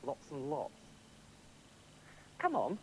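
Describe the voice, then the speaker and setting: A man's voice: on the high side, wildly swooping pitch, slow pace, darkish tone, slight background noise, pitched below the performer's own voice, heavily acted, rough recording. A man voicing a scheming, jealous brother who stammers and wheedles. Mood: wheedling.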